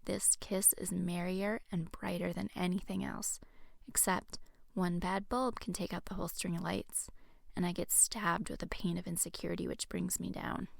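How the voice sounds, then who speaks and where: A woman reading her own romance novel aloud in a soft, hushed first-person narration. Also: fairly low pitch, steady tone, moderate pace, vocal fry, no room sound, clean studio sound. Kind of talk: audiobook narration.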